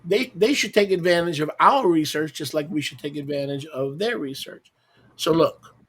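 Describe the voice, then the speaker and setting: High-voiced man teaching with mocking emphasis. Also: moderate pace, a bit bright, breathy edge. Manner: emphatic, fires rhetorical questions, mocking asides. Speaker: Bible teacher leading a roundtable. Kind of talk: roundtable teaching discussion.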